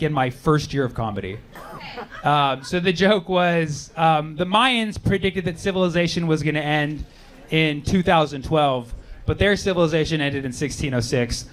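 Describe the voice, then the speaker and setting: A man doing a stand-up comedy set on stage, animated and sarcastic, now and then putting on voices for the people in his stories. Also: on the high side. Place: comedy club stage before a live audience. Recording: live club audio with audience laughter and noise. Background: audience laughing.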